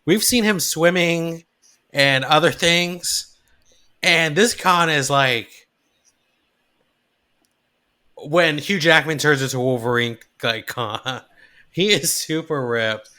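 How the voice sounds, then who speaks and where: A man's voice: fairly high pitch, slow, long pauses, bright, forceful tone, clean tone. A man co-hosting a podcast, chatting casually and easygoing about an episode. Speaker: podcast co-host. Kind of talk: casual chat.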